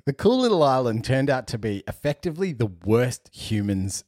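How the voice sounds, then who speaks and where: A young man co-hosting a podcast, telling a travel story in an animated way, laughing often and acting out what people said. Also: mid-range voice, moderate pace, hardly any pauses, no room sound, clean studio sound. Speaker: podcast co-host. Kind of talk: casual storytelling chat.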